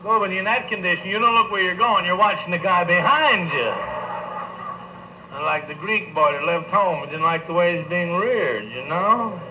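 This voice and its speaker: A middle-aged male comedian with a slightly high voice, spinning bawdy, folksy yarns and talking straight to the crowd. The live club recording is noisy, with a clear hiss under his voice. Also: moderate pace. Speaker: stand-up comedian. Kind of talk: live stand-up joke telling.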